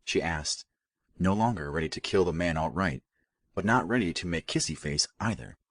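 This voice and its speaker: Male audiobook narrator, very low and husky, steady delivery. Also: moderate pace, dry recording, studio quality. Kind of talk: scripted narration.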